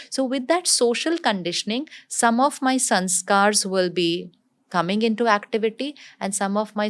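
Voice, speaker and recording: Her voice is on the low side as she explains spiritual ideas in an interview. She speaks calmly, like a teacher, and often repeats herself for emphasis.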